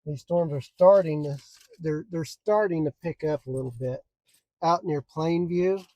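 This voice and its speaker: A man's voice: on the high side, unhurried, dark tone, no echo. A man who chases storms and photographs them, chatting casually with viewers on a live stream from the roadside. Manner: easygoing, chatty, talks to viewers. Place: outdoors by the roadside on open plains.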